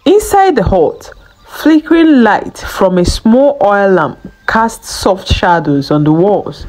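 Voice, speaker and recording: A woman narrating a folktale in a slow, scripted storytelling delivery. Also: mid-range voice, animated, a little mellow, rough recording.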